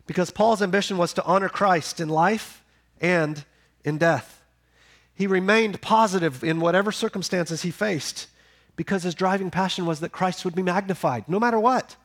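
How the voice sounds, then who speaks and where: Preaching from the pulpit, the pastor climbs to forceful, loud peaks and then sinks back into a quiet, low register.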